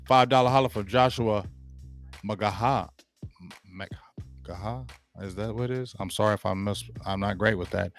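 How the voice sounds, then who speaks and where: A man's voice: lowish voice, a little fast, soft background music. A man hosting a sports talk show, giving blunt, slangy opinions and repeating points for emphasis.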